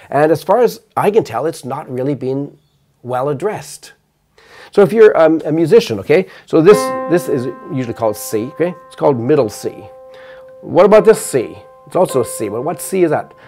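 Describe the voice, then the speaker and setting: An older man giving a measured, explanatory math lecture, counting notes aloud while playing piano. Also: mid-range voice, dark tone.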